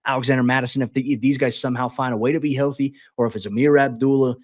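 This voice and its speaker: A man co-hosting a sports podcast, breaking down an upcoming football game in an animated way, full of restarts and quick asides. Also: medium pitch, dry recording, studio quality. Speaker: beat reporter and podcast co-host. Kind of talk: sports podcast preview talk.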